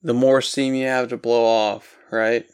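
A man's voice: mid-range voice, level tone, a little slow, a little mellow, clear, resonant tone. A man chatting casually on a podcast, making dry, laid-back remarks.

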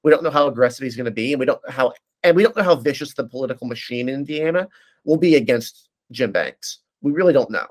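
A man's voice: mid-range voice, lively intonation, fast talker. A man in casual political discussion, giving detailed analysis with frequent fillers and restarts.

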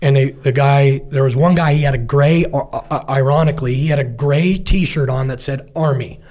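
This is a middle-aged man, a former serviceman, whose voice is mid-range and whose pace is moderate. Chatting casually, he tells a war story with vivid detail, voicing his comrades' words with animation.

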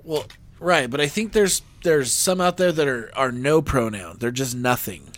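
A man's voice: mid-range voice, moderate pace, a bit bright. A man co-hosting a podcast in casual chat, laughing often and teasing playfully. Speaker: podcast co-host.

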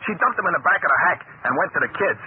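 Actor as excitable cab-driver sidekick, high and quick, 1940s radio, tinny and hissy. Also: male voice, natural voice. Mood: chatty. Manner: fast, slangy, repeats himself. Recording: scratchy old radio broadcast, hissy.

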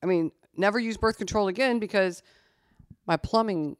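A woman's voice: medium pitch, moderate pace, smooth, dry recording, clean studio sound. An older woman telling stories from her life in candid, casual conversation, often steering back with "anyway" and "so". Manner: candid, chatty, drifts with "anyway" and "so". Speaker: guest, podcast host's mother.

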